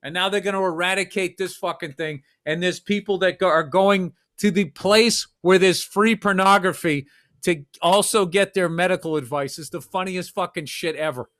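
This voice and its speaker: A man's voice: sits high, normal speed, a bit bright. A man co-hosting a comedy podcast, ranting emphatically and swearing constantly in casual chat. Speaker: podcast co-host.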